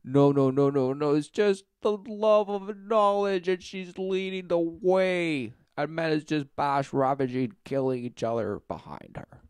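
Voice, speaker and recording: A man's voice: a little high, unhurried, few pauses, a little mellow, smooth, dry recording. A man giving sarcastic, rambling commentary, mocking and repeating himself.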